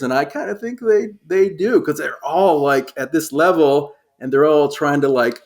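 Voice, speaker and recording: A man talking as a guest on a casual baseball podcast, animated and acting out what players say. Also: on the high side, moderate pace, few pauses. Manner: animated, acts out players' quotes.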